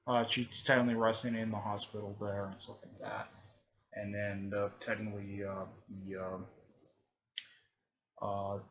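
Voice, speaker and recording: A man recapping a fan story casually, halting, with many fillers, restarts and throat clearing. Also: mid-range voice, a bit bright, muffled recording.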